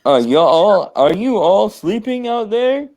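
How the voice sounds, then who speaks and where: A man co-hosting a sports podcast, talking in a rambling, animated way and acting out quotes. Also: sits high, unhurried. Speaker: podcast co-host. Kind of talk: casual sports chat.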